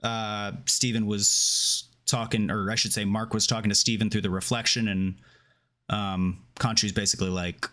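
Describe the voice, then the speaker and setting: A man's voice: on the low side, normal speed. Chatty man recapping an episode. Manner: animated retelling with filler words. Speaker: podcast co-host. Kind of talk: casual chat.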